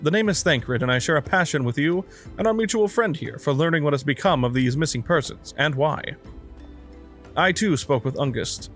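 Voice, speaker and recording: A man's voice: on the high side, fairly bright tone. A man reading aloud the lines of a suave, scheming young rogue in a fantasy game, in his own near-natural voice. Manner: reads quest dialogue aloud in a near-natural voice.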